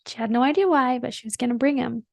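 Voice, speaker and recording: A woman's voice: fairly high pitch, fast talker, vocal fry, no room sound. A woman hosting a podcast, telling a personal story in a chatty, earnest and emotional way, full of "like" fillers. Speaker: podcast host.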